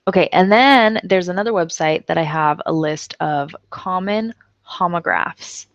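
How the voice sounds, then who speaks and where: Woman, English teacher, casual online lesson, fairly low voice, dull lo-fi sound. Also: a little slow, no room sound. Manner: casual, reading example sentences aloud with laughs and fillers. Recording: dull, dry lo-fi recording.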